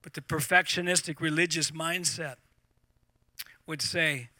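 Bright, high-voiced man preaching. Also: normal speed, dry recording. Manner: animated, repeats words, laughs at own points. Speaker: pastor. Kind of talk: sermon to a live congregation.

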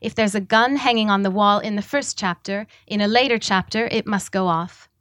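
A woman's voice: mid-range voice, fairly quick, fairly bright tone, no room sound, studio quality, close to an everyday voice. Ezra: a woman reading as a frail old man. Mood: wry.

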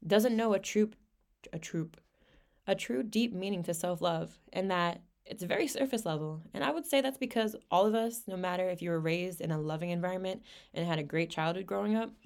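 Young female podcast host, lowish voice, candid and slangy, swears freely. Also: darkish tone. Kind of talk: casual personal monologue.

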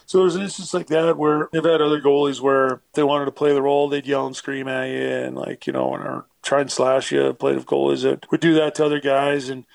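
A man's voice: mid-range voice, little pitch movement, brisk, vocal fry, hardly any pauses, no echo. A man, a former hockey player, telling rambling stories in a casual interview, full of fillers and acted-out quotes.

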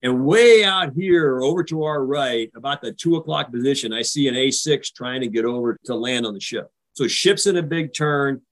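An older American man, a retired naval officer, recounts a tense carrier landing in a vivid, animated way during a podcast interview. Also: mid-range voice, normal speed, few pauses, rough recording. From United States. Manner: vivid, animated retelling, acting out radio calls. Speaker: guest.

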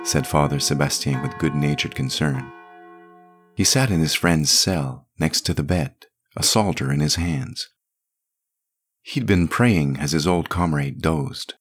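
Deep husky male storyteller. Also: a little slow, faint music behind. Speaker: narrator. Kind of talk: scripted story narration.

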